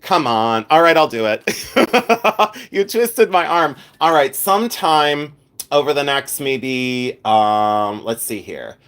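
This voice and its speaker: A man talks casually to viewers on his live stream, playful and chatty. He reads their comments out loud and laughs often. His voice sits at an ordinary middle pitch. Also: expressive, slow pace.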